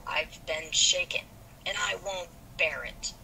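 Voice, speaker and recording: A woman's voice: on the low side, moderate pace, bright, forceful tone, a little hiss or hum, rough recording. A woman reading the indignant lines of a proud, sulky young man from an old novel. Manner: indignant, defensive. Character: male youth, proud and sulky.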